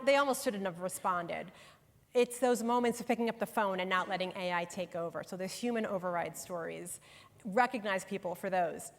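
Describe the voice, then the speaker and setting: Speaking with a medium pitch, this middle-aged author from New York leads a workshop for professionals in a conference room with a live audience. She's conversational and emphatic, addressing people directly, and the large room adds long hall reverb.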